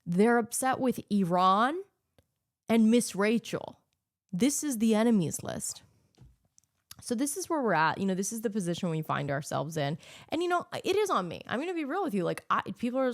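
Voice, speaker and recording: A woman's voice: fairly high pitch, very animated, fairly quick, dry recording. Sarcastic ranting woman podcaster, dry sound. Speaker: podcast host. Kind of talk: solo podcast commentary.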